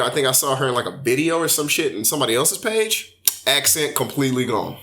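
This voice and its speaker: A young man with a bright, forward voice tells a long story in loose, slangy talk. He is animated and drops curse words casually while chatting with friends on a podcast. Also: medium pitch, fast. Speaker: podcast host. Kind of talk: casual chat.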